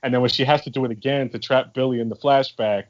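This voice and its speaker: A man's voice: mid-range voice, fairly even intonation, fast talker. Joking man on a dull lo-fi mic. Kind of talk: casual chat.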